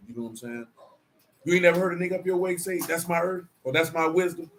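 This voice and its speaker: Preaching man with a bright voice. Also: on the high side, quick pace, a little hiss or hum. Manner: conversational, streetwise preaching with rhetorical questions. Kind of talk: sermon mixed with casual asides.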